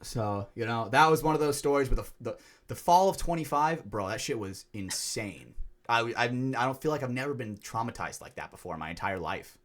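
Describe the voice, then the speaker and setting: A young man co-hosting a casual podcast, telling stories in an animated, profane way. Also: medium pitch, fairly quick. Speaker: podcast co-host.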